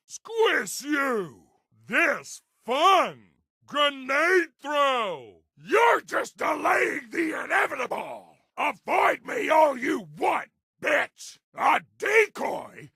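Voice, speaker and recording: An actor voicing a hulking, gleefully murderous game monster who bellows short, brutish threats and taunts. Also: male voice, very high-pitched, sing-song, drawn-out words, vocal fry, bright, forceful tone, no room sound, raised voice, studio quality, exaggerated voice. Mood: brutish menace. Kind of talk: game character voice lines.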